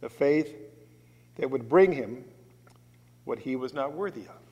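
A man preaching a sermon as a pastor, deliberate and emphatic, swelling loud on key words, in a church. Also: mid-range voice, expressive, husky. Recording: long reverb of a large hall.

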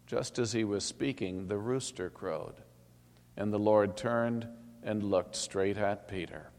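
A man reading a Bible passage aloud in a steady, solemn manner. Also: fairly low pitch, slow. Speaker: scripture reader. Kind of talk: scripted Bible narration. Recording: long hall reverb.

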